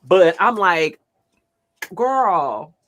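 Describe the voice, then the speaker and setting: Brief: a lively, dramatic man telling stories on a radio show, bright voice that swings widely. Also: high voice, drawn-out words. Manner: animated, theatrical. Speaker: radio co-host. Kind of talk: casual storytelling chat.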